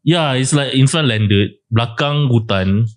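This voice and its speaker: A man's voice: medium pitch, measured pace. A Singaporean man co-hosting a casual property podcast, joking and laughing, mixing English and Malay. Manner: jokey, laughs often, mixes English and Malay. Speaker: podcast co-host. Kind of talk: casual chat.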